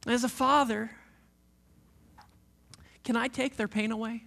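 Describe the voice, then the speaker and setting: A man in his thirties preaching a sermon as a pastor, passionate and repetitive, dropping from loud emphasis to hushed near-whispers. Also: extremely high pitch, fairly even intonation, unhurried, creaky.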